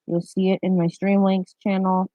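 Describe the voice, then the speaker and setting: A woman's voice: medium pitch, level tone, moderate pace, dry recording. A woman streaming live talks to her chat in a casual, offhand way. Her mic sounds dull and lo-fi, with a dry, close feel and no room.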